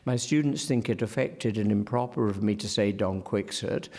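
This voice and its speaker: A male literary scholar with a somewhat low, slightly mellow voice gives an academic lecture. His style is wry and digressive, full of ums and self-corrections, and he slows down to carefully sound out example words.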